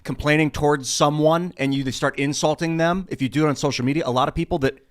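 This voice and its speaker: A man's voice: on the high side, steady tone, quick pace. A man co-hosting a talk show who chimes in with offhand asides and advice. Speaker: co-host. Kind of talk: political talk show chat.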